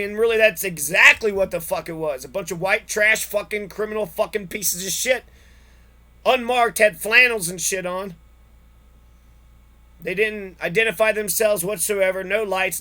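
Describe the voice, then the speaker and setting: In a high voice with a sharp edge, a man vents his anger through a long telling of his personal story. He swears a lot and keeps repeating himself.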